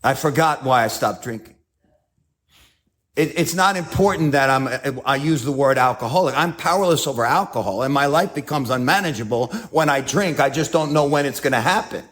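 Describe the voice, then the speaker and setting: A man's voice: mid-range voice, lively intonation, fairly quick, a bit bright. A man with a New York accent telling his story as a speaker at a recovery meeting, acting out scenes with self-mocking humor.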